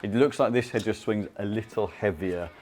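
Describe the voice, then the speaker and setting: A British man working as a club fitter, explaining launch and spin numbers to a customer in a measured way, with restarts and fillers. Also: fairly low pitch, darkish tone, slight background noise. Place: indoor golf fitting studio.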